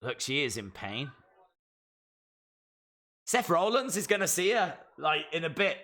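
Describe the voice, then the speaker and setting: A man streaming a live wrestling watch-along, reacting with jokes and sudden shouted mimicry. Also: fairly high pitch, a little slow. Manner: animated, jokey, mimics wrestlers in shouted bits.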